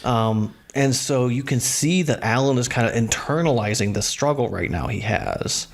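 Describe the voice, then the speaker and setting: A man's voice: mid-range voice, expressive, normal speed, vocal fry, slight background noise. A man co-hosting a casual podcast, talking easily with frequent laughs and fillers. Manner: easygoing, laughs often, fillers like um and you know. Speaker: podcast co-host. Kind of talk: casual rewatch podcast chat.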